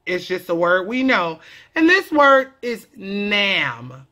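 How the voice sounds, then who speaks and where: A California woman who is a comedic vlogger teaches a lesson in a playful, animated, slangy way, jumping into character voices. Her voice is medium in pitch, and she takes it slowly.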